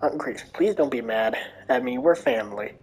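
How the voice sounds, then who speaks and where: A woman's voice: rumbling low, normal speed, darkish tone, husky. A woman voicing a frightened young girl who speaks in an anxious, pleading manner.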